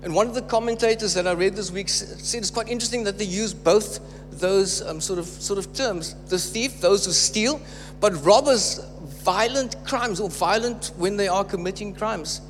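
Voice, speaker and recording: A male preacher with a high voice delivers a sermon, pressing his points home by saying them twice. His words ring through a hall with a long reverb, and a faint hum sits under the recording. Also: normal speed. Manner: emphatic, repeats phrases for stress.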